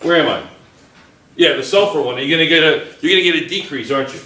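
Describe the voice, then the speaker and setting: Man chemistry teacher, bright voice, joking, questioning students, roomy classroom echo. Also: a little high, quick pace. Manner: playful, joking with students, asks lots of questions. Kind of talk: classroom lecture. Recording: echoey classroom.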